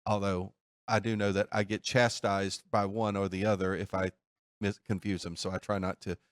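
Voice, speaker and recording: A man hosting a sports betting talk show from a studio, talking in a steady, methodical way. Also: low voice, normal speed, dry recording. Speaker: host.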